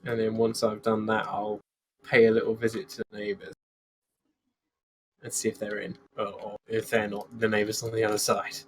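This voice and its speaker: A man's voice: on the low side, monotone, moderate pace, a little hiss or hum. A man playing in a tabletop game, chatty with frequent restarts. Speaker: player.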